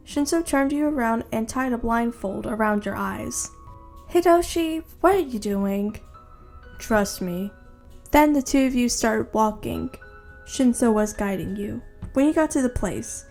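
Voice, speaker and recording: A woman's voice: a little high, darkish tone. Woman reading fan fiction aloud. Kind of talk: second-person fan-fiction narration.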